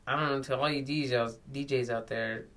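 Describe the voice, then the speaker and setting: A man's voice: medium pitch, brisk, a little hiss or hum. Male podcast co-host, mid-range voice, laid-back and chatty. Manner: easygoing, laughs along, gives relaxed advice. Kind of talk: casual chat.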